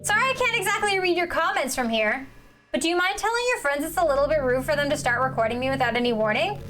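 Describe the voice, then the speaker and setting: A woman reading aloud as a devoted teen girl club president, soft and confiding, over game music. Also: high-pitched, animated, fast talker, a little hiss or hum. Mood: shy.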